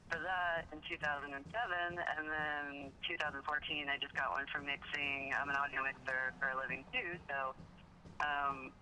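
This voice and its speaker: A woman's voice: low voice, steady tone, moderate pace, pushed and bright. A woman calling into a podcast as a guest, talking modestly and easygoing about her audio work. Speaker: phone-in guest, audio mixer. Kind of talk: casual chat. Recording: phone line with faint hiss.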